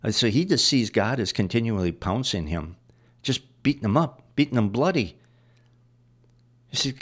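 This preacher goes through scripture verse by verse, repeating phrases to make his points stick. He speaks in a mid-range voice with lively intonation, at a moderate pace, pausing often.

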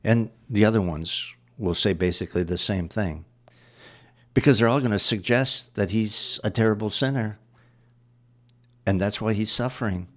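A man's voice: on the low side, normal speed. A man preaching a sermon, going through scripture verse by verse and driving points home with repetition. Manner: explains verses line by line, repeating phrases.

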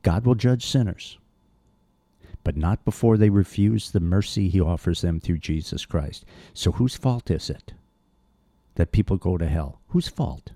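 A man's voice: low-pitched, animated, measured pace, dark tone, dry recording. A man preaching a verse-by-verse sermon, earnest and blunt, reading scripture aloud and pressing his points with emphasis.

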